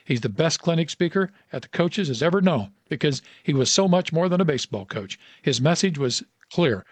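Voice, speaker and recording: A man hosting a radio segment, reading an inspirational story aloud with earnest emphasis and dramatic pauses. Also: on the high side, lively intonation, husky, no echo.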